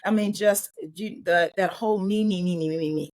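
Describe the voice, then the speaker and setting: A woman guest from Maryland telling a heartfelt personal story in an interview, emotional and close to tears, with quick earnest bursts. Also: lowish voice, a little mellow, dry recording. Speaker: guest, life and business coach.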